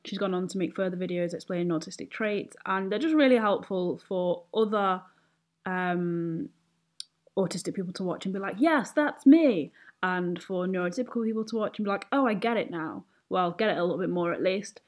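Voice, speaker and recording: A woman's voice: lowish voice, steady tone, fairly quick. A woman hosting a podcast, chatty and self-correcting, often laughing at her own asides. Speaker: podcast host. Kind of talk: casual podcast intro and interview.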